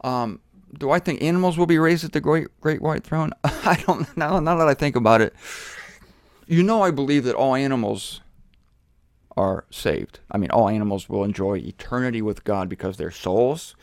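A man giving a casual, joking Bible teaching to camera, irreverent and animated. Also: mid-range voice, normal speed, no room sound, studio quality.

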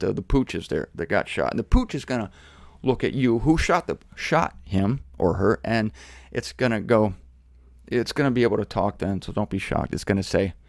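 A man giving a casual, joking Bible teaching to camera, irreverent and animated. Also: mid-range voice, no room sound.

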